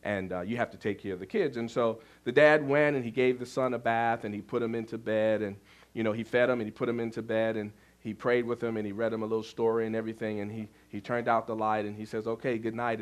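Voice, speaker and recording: A man, a pastor, preaching a sermon, telling a story and repeating key phrases, with sudden loud bursts when quoting. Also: on the low side, steady tone, quick pace.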